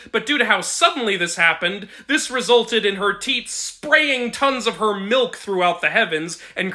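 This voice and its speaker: A man's voice: high voice, sharp tone. A man narrating mythology in a comedy sketch, with a sarcastic, punchy delivery.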